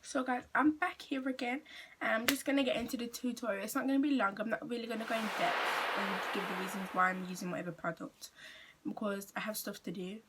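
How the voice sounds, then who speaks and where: A woman's voice: a little high, steady tone, fast, very noisy. Chatty teenage English girl. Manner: chatty, rambling, full of "like" and restarts. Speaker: vlogger. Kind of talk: casual storytime.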